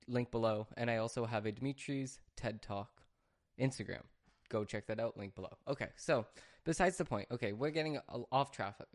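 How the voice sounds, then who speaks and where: Rambling, chatty man hosting a podcast. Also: medium pitch. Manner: rambling, chatty, restarts and sidetracks. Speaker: podcast host. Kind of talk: casual solo podcast monologue. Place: home studio.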